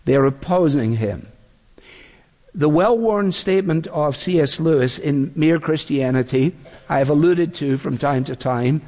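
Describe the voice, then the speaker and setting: A man preaching a sermon in a measured, deliberate way, acting out the quotes he reads. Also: fairly high pitch, dark tone. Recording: long reverb of a large hall.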